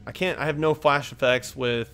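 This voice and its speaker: A man's voice: mid-range voice, fairly even intonation, moderate pace, fairly bright tone, clear, resonant tone. A young man giving rambling, casual commentary over his own card-game play, swearing freely and jumping between topics. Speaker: gaming video creator.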